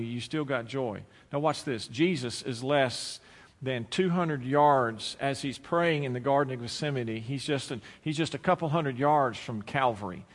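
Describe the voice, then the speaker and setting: A man preaching a sermon to his church, folksy and storytelling, acting out both sides of a conversation. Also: mid-range voice. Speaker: pastor. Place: church sanctuary. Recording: church hall with long reverb.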